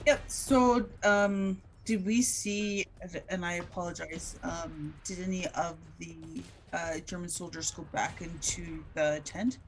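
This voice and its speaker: Woman, tabletop game player, lowish voice, hesitant, restarts sentences, faint music behind. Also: fairly even intonation, slow, hardly any pauses.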